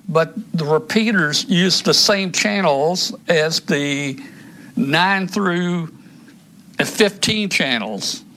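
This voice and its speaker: A man's voice: fairly high pitch, bright, forceful tone. A man hosting a casual live stream, rambling through radio settings with many restarts and fillers, a little out of breath. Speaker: show host demonstrating radios.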